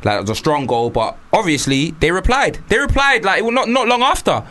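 Young guy, a touch high-pitched, leading jokey slang-filled football banter. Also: expressive, fairly quick, pushed and bright. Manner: slang-heavy, jokey, steering the rundown.

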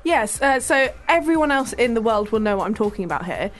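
Young woman from England, casual chat, teasing, fairly high voice, faint music behind. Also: lively intonation. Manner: chatty, teasing, quick to laugh.

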